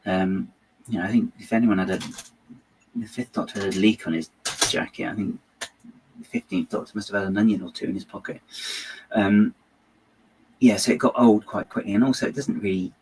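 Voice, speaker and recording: A man hosts a casual build-and-chat, talking his opinions through in a wry, meandering way full of restarts. His voice sits slightly low. A faint background hum runs under him. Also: brisk, long pauses, rough recording. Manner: rambling, hesitant, wry and opinionated. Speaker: host of a building channel.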